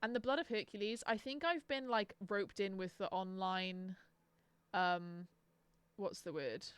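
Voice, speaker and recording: A woman's voice: mid-range voice, unhurried, clean tone, no echo. A young woman chatting casually on a live stream, sarcastic and swearing freely. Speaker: book streamer.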